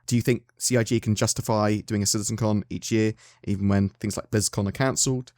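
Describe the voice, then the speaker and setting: A man's voice: fairly low pitch, steady tone, fairly quick, a little mellow, dry recording, studio quality. An English man hosting a gaming channel, chatting casually and self-deprecatingly to his viewers with frequent restarts. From England. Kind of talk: casual video chat to viewers.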